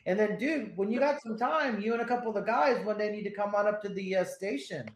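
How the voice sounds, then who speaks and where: A man's voice: high voice, fast, slight background noise. A man hosting a casual radio chat, laid-back and rambling, swearing often as he tells stories. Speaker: radio host. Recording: roomy echo.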